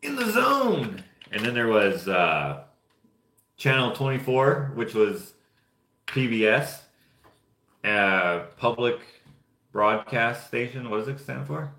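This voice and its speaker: A man's voice: mid-range voice, takes it slowly, pauses often, pushed and bright. A young man from Canada chatting casually and rambling offhand while painting figures. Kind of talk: casual chat. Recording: roomy echo.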